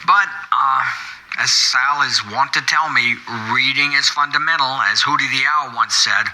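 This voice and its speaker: An older man rambling through a comic call-in, folksy and long-winded. His voice is very bright and sharp, and he speaks at a middling pitch. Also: moderate pace, slight background noise, rough recording. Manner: rambling, wordy and folksy, piling up quirky questions. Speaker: caller. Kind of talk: comedic call-in monologue.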